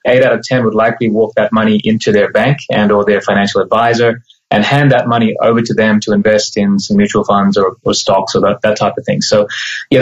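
Australian man on a dull lo-fi line. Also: fairly low pitch. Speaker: mortgage broker guest. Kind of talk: casual interview.

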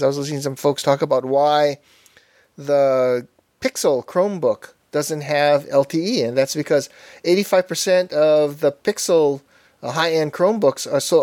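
A man's voice: fairly high pitch, a little mellow, no room sound, clean studio sound. A man co-hosting a casual tech podcast, talking in an easygoing, rambling way full of asides. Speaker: podcast co-host.

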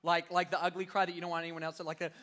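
Animated young preacher, bright high voice. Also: male voice, racing. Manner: animated, joking with the crowd, acting out scenes. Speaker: youth pastor. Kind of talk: sermon. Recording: long reverb of a large hall.

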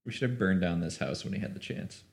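A man's voice: low-pitched, quick pace, creaky. A man playing a tabletop game, dropping wry remarks in casual talk. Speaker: player.

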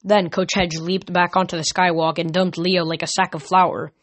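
Woman reading a storybook, slightly low voice. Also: level tone, normal speed. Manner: reads with small slips and self-corrections. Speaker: reader. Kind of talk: amateur audiobook reading.

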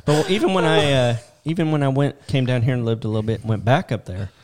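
A man's voice: mid-range voice, quick pace, darkish tone. A middle-aged man from Detroit, co-hosting a podcast in a casual, rambling chat and laughing often. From Detroit, Michigan. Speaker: podcast co-host.

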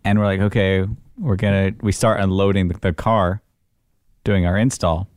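A man's voice: sits low, steady tone, moderate pace, a little mellow, no echo, studio quality. A man in casual chat, animatedly telling a story from work and acting out his own panic.

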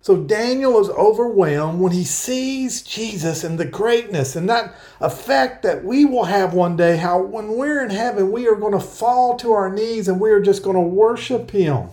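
A man preaching an earnest verse-by-verse sermon, explaining scripture and reading passages aloud slowly. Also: sits high, darkish tone. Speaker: pastor. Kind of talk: Bible-teaching sermon.

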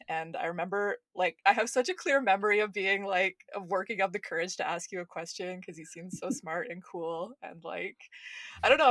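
A woman's voice: lowish voice, no echo, clean studio sound. A woman in her thirties hosting a casual podcast, enthusiastic and gushing, laughing often. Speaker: podcast host.

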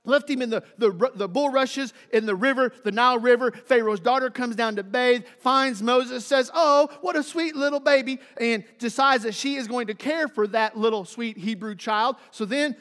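A high-pitched male pastor preaches a sermon, telling a story with dramatic swings from forceful emphasis to near-hushed intimacy. The sound carries the long reverb of a church hall. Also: moderate pace, few pauses.

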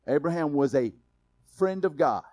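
A man with a high voice preaching a relaxed, conversational sermon. He jokes and laughs between points, then drops to a hushed, intense tone. The sound is dry and close, with no room echo. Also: normal speed. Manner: swings from loud emphasis to quiet intensity. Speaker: pastor.

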